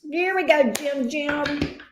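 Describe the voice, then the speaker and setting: Heavy background noise and an echoey room surround a tarot reader with a high voice who speaks slowly. During her live reading she teases viewers, exclaims a lot and swears casually.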